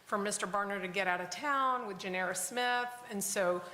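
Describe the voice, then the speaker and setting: A woman judge delivering a formal sentencing in a courtroom, speaking in a measured way. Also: mid-range voice, pushed and bright. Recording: echoey courtroom audio.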